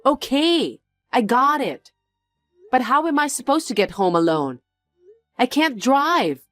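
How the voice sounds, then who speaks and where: A woman's voice: high-pitched, big pitch swings, a little slow, a bit bright, faint music behind, heavily acted. A woman voicing a snobbish, mocking wealthy woman who talks down to others in a drama. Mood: flustered. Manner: condescending, taunting.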